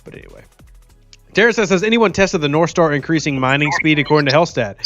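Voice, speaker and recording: Man, Southern accent, Louisiana drawl, fairly high voice, chatty stream host, dull lo-fi audio. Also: lively intonation, quick pace, a bit bright, no echo, soft background music. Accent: Southern US, light Louisiana. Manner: chatty, reads viewer comments aloud, teasing. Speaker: livestream host. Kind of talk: casual gaming livestream chat.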